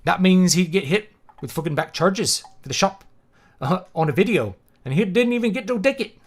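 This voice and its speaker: A man doing a rough young Scottish guy. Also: high voice, lively intonation, normal speed, pitched above the performer's own voice. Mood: gritty. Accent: put-on Scottish. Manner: reads aloud in a stumbling put-on accent. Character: rough young Scottish man narrating his grim story. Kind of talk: amateur reading aloud of a novel.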